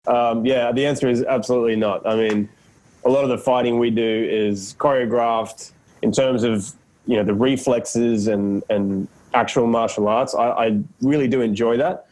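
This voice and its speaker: A man's voice: mid-range voice, steady tone, moderate pace, a little mellow, a little hiss or hum, low-quality recording. Aussie guy in his 30s chatting on a video call, easygoing, jokes about himself, laughs a lot. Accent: Australian. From Australia. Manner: laid-back, self-deprecating, laughs often. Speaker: actor guest. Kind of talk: casual interview.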